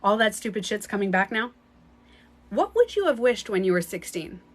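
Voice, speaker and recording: A woman's voice: medium pitch, big pitch swings, moderate pace. A woman speaking as a spiritual coach in a casual motivational talk. She is emphatic and blunt, swears casually and often repeats herself.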